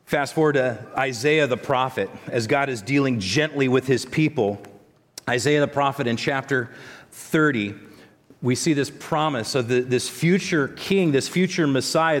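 A man preaching a sermon in a conversational way, with frequent restarts and asides. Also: mid-range voice. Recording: long echo of a large hall.

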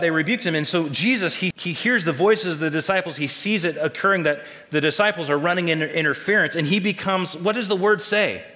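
A male pastor preaching a sermon in a church and pausing to ask the congregation questions. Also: fairly high pitch, bright, forceful tone, long reverb tail. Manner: call-and-response questions to the congregation. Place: church sanctuary.

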